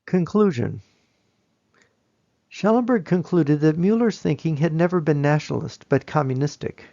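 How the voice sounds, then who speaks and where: A man giving a lecture-style presentation, telling the story in a measured, emphatic way. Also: a little high, animated, vocal fry, dark tone, lo-fi sound.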